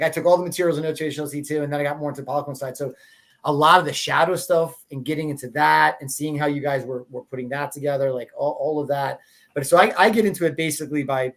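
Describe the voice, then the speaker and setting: A man's voice: fairly high pitch, a bit bright. A man hosting a podcast, telling stories in a rambling, casual way, restarting his sentences and laughing as he talks. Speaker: podcast host. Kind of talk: casual conversational storytelling.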